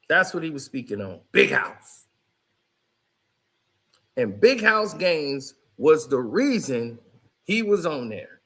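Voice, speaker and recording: High bright voiced dude mocking a clip, slow and drawn out, lots of ups and downs. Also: male voice. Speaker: online commentator reacting to a clip. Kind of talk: reaction commentary.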